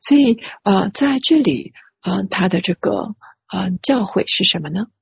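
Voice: medium pitch, animated, moderate pace, vocal fry, husky, no room sound. An interpreter rendering a sermon phrase by phrase, hesitant with many filler sounds, on a dry, dull lo-fi recording.

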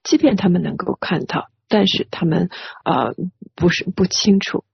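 Gravelly breathy sermon interpreter. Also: medium pitch, expressive, moderate pace, dry recording. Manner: hesitant, many filler sounds. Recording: dry, dull lo-fi recording.

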